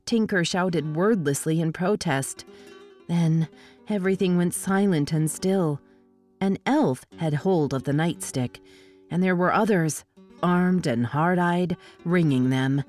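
Low-voiced woman narrating an audiobook. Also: takes it slowly, darkish tone, faint music behind.

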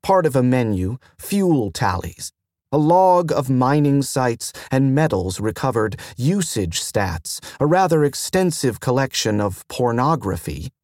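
A man narrating a science fiction audiobook in a measured, even reading. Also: mid-range voice, no echo, clean studio sound. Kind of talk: scripted narration.

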